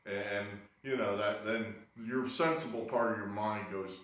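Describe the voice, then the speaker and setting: Man, sports-video host, rambling and wry, exasperated asides, lowish voice, cigar in hand, mic set well back. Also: fairly even intonation, unhurried, few pauses, fairly bright tone. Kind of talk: rambling casual monologue. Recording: very echoey room, mic far off.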